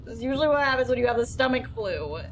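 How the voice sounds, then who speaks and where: A woman's voice: on the high side, expressive, fast, slight background noise, poor audio. A woman commentating live on a horror game, crude and self-mocking, stressed, breaking into silly made-up songs. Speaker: streamer playing a horror game.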